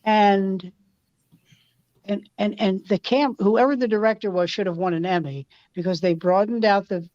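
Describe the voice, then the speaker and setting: Female comedian, lively anecdote teller, muffled dry recording. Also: medium pitch, moderate pace, no echo. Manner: animated anecdote telling with quoted voices. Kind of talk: casual storytelling chat.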